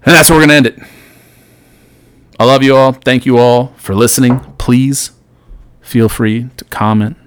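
Middle aged guy doing a solo podcast pep talk, earnest, dry close mic, pitch right in the middle. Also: steady tone, normal speed, pauses often, smooth, no echo. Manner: earnest motivational, swings loud and soft. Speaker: podcast host.

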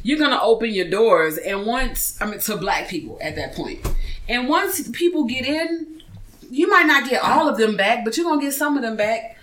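Animated, joking podcast talker, middle pitch. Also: moderate pace, poor audio. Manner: animated, joking storyteller who laughs while talking. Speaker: podcast participant. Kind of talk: casual podcast chat.

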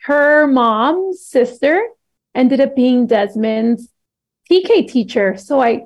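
A podcast guest in her thirties speaks slowly in a high-pitched voice with vocal fry. She relates a story in easygoing chat, animatedly voicing what people said and laughing often.

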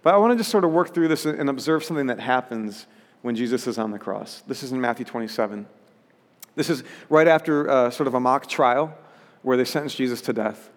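A man's voice: medium pitch, a little fast. Man preaching a sermon in a reverberant hall. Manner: earnest, building to emphatic peaks when quoting scripture. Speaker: pastor.

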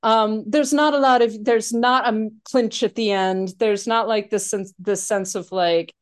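A woman's voice: fairly high pitch, measured pace. Chatty woman talking films. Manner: animated, many restarts and fillers. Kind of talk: casual film discussion.

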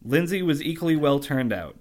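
A man's voice: a little high, expressive, a little fast, a little mellow. A man co-hosting a comedy podcast, reading a sentimental story aloud and mocking it with profane jokes.

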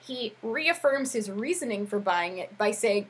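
A woman's voice: on the high side, slow, a bit bright, husky. A woman co-hosting a podcast, casually recapping a TV episode, laughing often and acting out the characters' lines. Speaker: podcast co-host.

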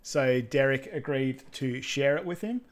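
A man's voice: medium pitch, unhurried. Easygoing man co-hosting a podcast. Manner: relaxed, easygoing, short agreeing replies. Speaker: podcast co-host. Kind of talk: casual film recap chat.

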